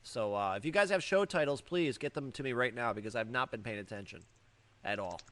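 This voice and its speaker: A man's voice: mid-range voice, animated, a little fast, a bit bright. A man hosting a casual comedy podcast, riffing loosely and laughing through odd stories. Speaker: podcast host.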